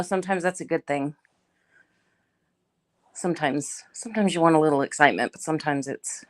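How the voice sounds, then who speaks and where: A middle-aged woman hosting a casual live chat, greeting viewers by name and chatting in a laid-back way. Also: low-pitched. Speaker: livestream host.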